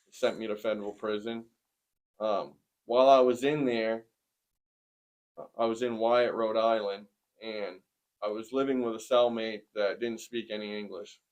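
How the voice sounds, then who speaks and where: A man in his forties giving a personal testimony in conversation, plainspoken and earnest, with many pauses. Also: lowish voice. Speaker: interviewee sharing a testimony.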